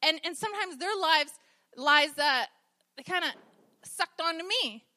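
A woman's voice: very high voice, expressive, unhurried, bright, forceful tone. A woman preacher giving a conversational sermon, telling stories with humor. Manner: chatty, storytelling with humor.

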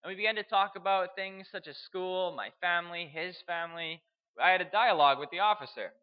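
A young man from Canada, telling a personal story in a halting way, repeating words and chuckling. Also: high voice, clean tone, muffled recording. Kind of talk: storytelling speech.

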